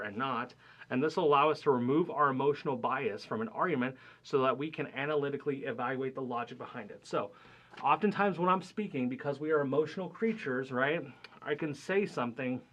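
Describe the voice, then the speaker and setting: A man's voice: mid-range voice, a bit bright, dull audio. A young man teaching a math class in a casual, conversational way, often checking in with "right?" and "okay?" between points. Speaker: math instructor. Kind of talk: recorded classroom lecture.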